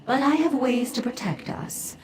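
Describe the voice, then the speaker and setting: An actress voicing a mysterious, scheming female Dremora mentor who speaks formally and in measured tones. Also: a little high, lively intonation, darkish tone, natural voice. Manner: formal, measured, slips into whispers. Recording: echoey game audio.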